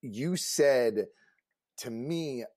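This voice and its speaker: A man co-hosting a casual panel talk as a career coach, earnest and emphatic, growing animated as he tells stories. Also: medium pitch, very slow, dry recording.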